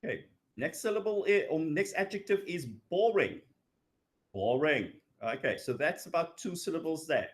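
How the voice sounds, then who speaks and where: This man's voice is fairly high and swings widely in pitch while he moves at a moderate pace through a recorded English grammar lesson. He stretches his words out, dropping in "okay" and "yeah" to check in as he goes.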